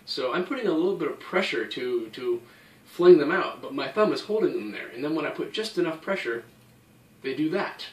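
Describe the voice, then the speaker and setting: A man's voice: a little high, lively intonation, brisk. A man teaching a hand-drum technique, explaining each step patiently and counting the beats aloud. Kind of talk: instructional explanation. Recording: echoey room, somewhat far from mic. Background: drum playing.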